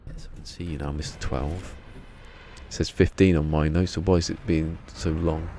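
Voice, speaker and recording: A man chats casually on a game stream, wandering from topic to topic and poking fun at himself. His voice is low and gravelly. A faint hiss sits under the desk mic. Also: steady tone, moderate pace, warm tone. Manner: rambling, self-mocking banter. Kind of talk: casual live-stream chat.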